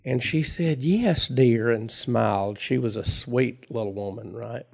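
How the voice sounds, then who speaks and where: A middle-aged man with a gravelly, medium-pitched voice speaks at a measured pace. He's a speaker at a recovery meeting, telling his own recovery story in a folksy, chatty way and laughing at himself as he goes.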